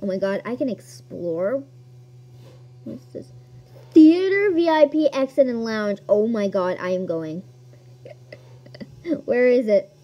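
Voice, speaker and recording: A woman giving casual gameplay commentary as a video host, excitable and quick to gasp at new things. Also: mid-range voice. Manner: excitable, gasps and squeals at discoveries.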